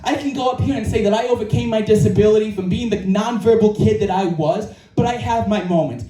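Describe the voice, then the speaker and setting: Speaking briskly to a live audience in an indoor creative space, a man whose voice is very high but mellow gives an earnest motivational speech with strong emphasis and lots of repeated key lines. He's recorded from afar in a reverberant room, with music faintly audible behind him.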